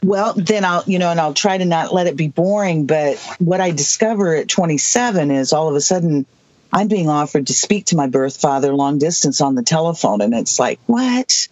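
A person in their sixties from the US Southwest, telling a personal story as an interview guest, halting, with many restarts and asides. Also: mid-range voice, darkish tone, dry recording. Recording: dull lo-fi dry recording.

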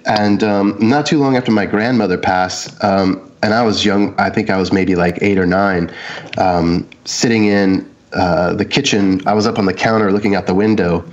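A man's voice: on the low side, fairly even intonation, normal speed, highs cut off. A man casually telling a personal story, meandering with lots of ums and likes and acting out the quotes. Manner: meandering, many "um"s and "like"s, acts out quotes. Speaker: guest sharing a personal story.

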